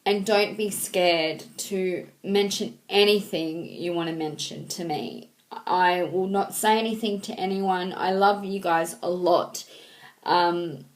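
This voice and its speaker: A woman in her thirties talking to her viewers in a casual, heartfelt way, halting and sentimental, with frequent ums and restarts. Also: fairly low pitch, steady tone. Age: 30s. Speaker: vlogger. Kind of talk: casual heartfelt talk to camera.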